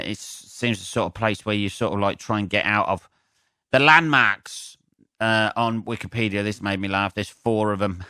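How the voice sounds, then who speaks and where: Snuffly comedian rambling and swearing. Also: male voice, on the low side, sharp tone, clear, resonant tone, no echo, clean studio sound. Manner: rambling, sweary and sarcastic, laughing at his own jokes. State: stuffy nose from a cold. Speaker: comedian and podcast host. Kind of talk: solo podcast monologue.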